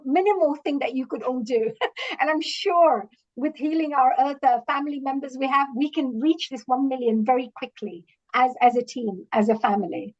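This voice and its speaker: A woman's voice: high-pitched, highs cut off. A woman talking casually and affectionately on a video call, praising others with pet names. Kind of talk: casual online event talk.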